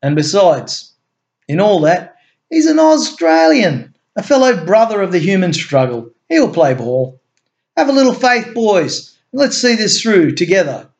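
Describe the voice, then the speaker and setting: A man's voice: high voice, very animated, unhurried, vocal fry, dull audio, voice pushed up, exaggerated voice. A hearty male president holds court with easy authority, as a man reading a story puts him on. His voice sits well above the reader's own and swoops upward as he talks. He sounds genial and sure of himself, in a homemade story reading. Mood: commanding. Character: male head of state, genial and commanding.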